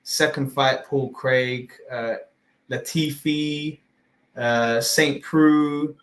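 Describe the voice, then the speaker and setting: Casting: male podcast host, mid-range voice, rambling casual delivery, swears freely, fills pauses with "uh". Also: medium pitch, fairly even intonation, crowd noise, poor audio. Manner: rambling, full of fillers and restarts, swears casually. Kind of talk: casual fight-talk podcast chat.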